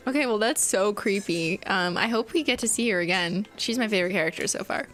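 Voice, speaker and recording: Giggly, bright-voiced Canadian woman streaming. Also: medium pitch, a little fast, soft background music. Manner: giggly, profane, mimics characters. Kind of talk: live game commentary.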